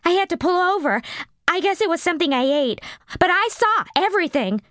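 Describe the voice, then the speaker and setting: A woman's voice: very high voice, expressive, brisk, fairly bright tone, dry recording, studio quality, voice pushed up. A woman voicing a breathless, gushing young woman witness with a folksy Midwestern accent and a simpering voice.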